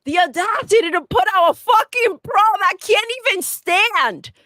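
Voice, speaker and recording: Woman, gaming podcast co-host, brash profane rant, sharp bright voice, very lively pitch. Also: normal speed, no room sound, studio quality. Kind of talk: casual podcast banter.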